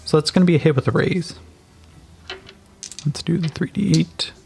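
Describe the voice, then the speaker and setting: A man's voice: a little high, normal speed, gravelly, background noise. A man narrating and playing a solo tabletop game, calling dice rolls casually and swearing now and then.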